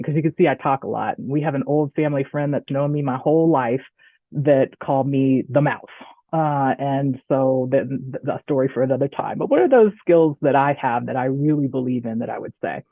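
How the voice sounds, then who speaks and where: A woman with a Southern US accent giving a chatty, animated online presentation, often checking in with "right?". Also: low-pitched, moderate pace, no room sound. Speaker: guest speaker. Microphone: video call. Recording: tinny phone-like audio, dry.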